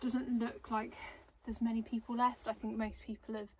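High-voiced chatty woman vlogger. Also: flat delivery, normal speed, a little mellow, a little hiss or hum. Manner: chatty, gushing, talks fondly to her dogs. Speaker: vlogger and dog agility handler. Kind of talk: casual vlog chat. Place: outdoors at a cold winter dog show. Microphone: handheld camera.

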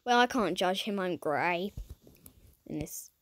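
A woman giving casual gameplay commentary, dramatic and excitable, who keeps talking to her viewers and often drops into a whisper. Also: lowish voice, slow, no echo. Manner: excitable and dramatic, swinging between squeals and whispers; chats to viewers while playing. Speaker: gaming channel host.

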